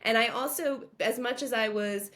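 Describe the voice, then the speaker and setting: A woman's voice: a little high, moderate pace, over a noisy crowd. Podcast guest: woman from Long Island, earnest, reflective personal storytelling. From Long Island, New York.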